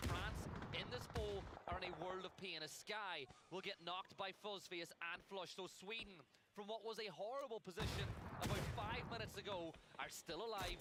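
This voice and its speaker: A man calling a team shooter match as play-by-play commentary, building excitement on big plays. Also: high-pitched, very noisy. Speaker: esports caster. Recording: loud gunfire from game feed.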